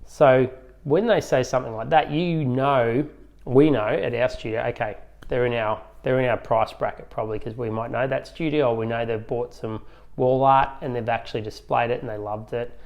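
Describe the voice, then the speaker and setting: A man talking through his studio's consultation steps in a relaxed, conversational way. His voice sits at an everyday middle pitch. Now and then he slips into short snippets of client dialogue. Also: moderate pace, creaky. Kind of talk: instructional talk.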